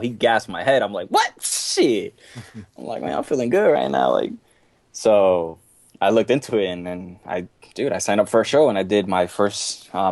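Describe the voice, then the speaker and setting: A man's voice: sits low, no room sound. A man in his twenties from Boston, guesting on a podcast, laid-back and rambling. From Boston, USA. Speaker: guest athlete. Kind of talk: casual podcast chat.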